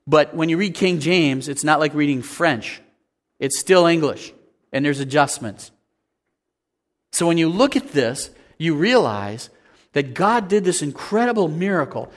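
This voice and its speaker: Animated man preaching a sermon. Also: a little high. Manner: animated, acts out everyday scenes, asks the congregation questions. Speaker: pastor.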